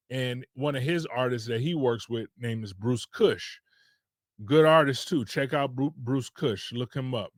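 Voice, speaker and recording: A man's voice: mid-range voice, no room sound, studio quality. A man from Detroit, a podcast host, telling a casual rambling story with loose restarts.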